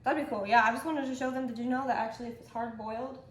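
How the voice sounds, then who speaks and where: A woman's voice: a little high, steady tone, racing. Dry, matter-of-fact woman guest baking. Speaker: guest co-baker. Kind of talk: casual cooking vlog chat. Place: home kitchen. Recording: echoey kitchen with faint noise.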